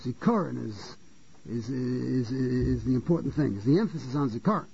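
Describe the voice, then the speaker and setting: A man with a mellow, slightly rough, medium-pitched voice and some vocal fry gives a Torah lecture at a moderate pace. He repeats and restarts phrases, posing rhetorical questions and answering them himself, on a dull lo-fi recording.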